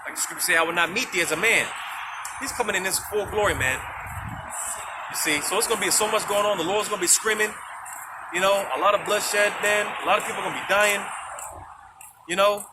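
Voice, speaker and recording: A man's voice: sits high, a little fast, pauses often. A man preaching on the street, dropping "man" and "you know" between lines and reading scripture aloud in old-fashioned wording. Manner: reads scripture aloud in King James wording. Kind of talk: outdoor street sermon. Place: outdoors on a street. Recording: street noise and passing vehicles.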